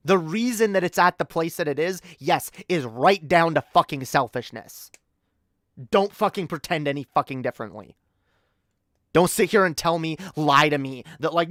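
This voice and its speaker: This Canadian woman has a deep, expressive, fairly bright voice and speaks at a moderate pace. She's ranting furiously and profanely on a live stream, with frequent restarts and repeated words. The sound is clean studio audio without echo.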